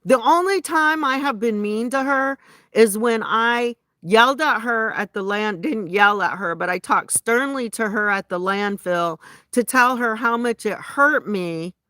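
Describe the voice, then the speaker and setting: A woman's voice: medium pitch, measured pace, a bit bright, dry recording, studio quality. A woman ranting indignantly to her viewers in a rambling, casual way, often restarting her sentences. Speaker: vlogger. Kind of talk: casual venting rant to viewers.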